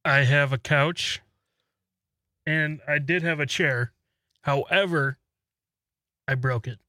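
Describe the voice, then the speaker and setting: A man acting as co-host, giving short deadpan replies in casual chat. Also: a little high, slow pace, no room sound, studio quality. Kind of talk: casual radio-style chat.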